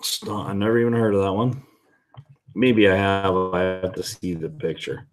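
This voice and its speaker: A man's voice: deep voice, normal speed. A man, chatting casually on his whisky vlog and answering viewer comments, rambling and often correcting himself. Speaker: whisky vlogger.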